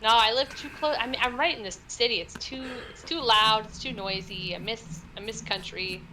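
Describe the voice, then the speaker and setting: A woman guest on a stream, chatting casually, laughing often and agreeing with quick replies. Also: on the high side, fairly even intonation, sharp tone, a little hiss or hum, rough recording. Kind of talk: casual chat.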